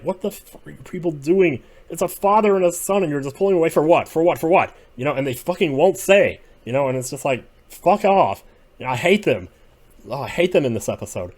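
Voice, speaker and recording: A man giving casual solo commentary as he ranks TV episodes, rambling and opinionated, drifting between quiet muttering and sudden outbursts. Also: lowish voice. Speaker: video creator ranking TV episodes.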